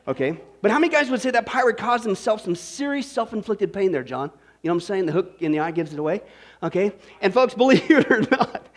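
A male pastor with a notably high voice delivers a lively sermon. He jokes with members of the congregation by name, then shifts to emphatic, slowed-down teaching on key points. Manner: joking, calls out to congregation by name.

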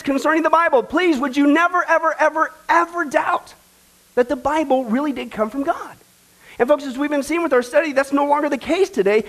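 A pastor preaches a sermon to his church in a loose, joking way. His voice sits very high for a man. He speaks folksy and chatty, calling his listeners folks. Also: fairly bright tone. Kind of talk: sermon with a joke.

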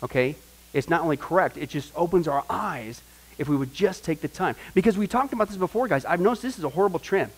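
A male Bible teacher leads a discipleship class with an animated, questioning delivery. His voice sits high for a man. He keeps throwing rhetorical questions at his listeners. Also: fast, husky, rough recording.

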